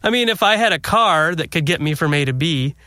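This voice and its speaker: Bright-voiced man telling a story. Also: fairly high pitch, lively intonation, brisk, dry recording, studio quality. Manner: storytelling with frequent laughs. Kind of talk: casual faith discussion.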